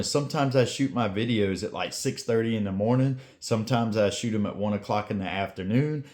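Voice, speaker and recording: Middle-aged man, lowish voice, blunt motivational vlogger, slangy and direct. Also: darkish tone. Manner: blunt, pep-talk delivery with slang. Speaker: YouTube creator giving advice. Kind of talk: casual motivational talk to camera.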